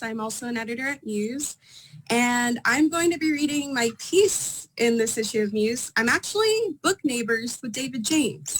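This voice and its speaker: A woman's voice: fairly high pitch, fairly bright tone, a little hiss or hum, low-quality recording. A woman from Southern California, an editor reading her own prose in a friendly, upbeat way.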